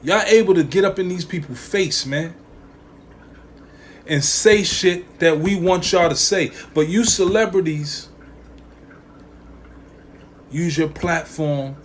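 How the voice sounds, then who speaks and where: A man's voice: a little high, takes it slowly, pauses often, a little hiss or hum. Fired-up slangy man ranting. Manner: emphatic, profane, repeats lines for emphasis; slangy street talk. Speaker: podcast host. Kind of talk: opinionated podcast rant.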